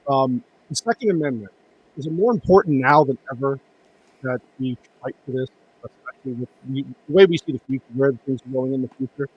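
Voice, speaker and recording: A man's voice: medium pitch, fairly quick, muffled recording, a little hiss or hum. A man hosting a casual podcast over a video call, talking loosely and joking with his co-hosts. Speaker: podcast host. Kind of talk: casual chat. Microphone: home mic on a video call stream.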